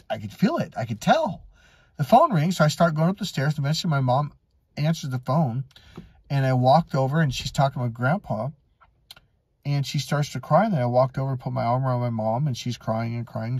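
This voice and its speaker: Animated man with a husky voice. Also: fairly quick, no room sound. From Wisconsin, USA. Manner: animated, swings between high and low pitch, acts out quotes. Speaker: life coach. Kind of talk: personal storytelling monologue.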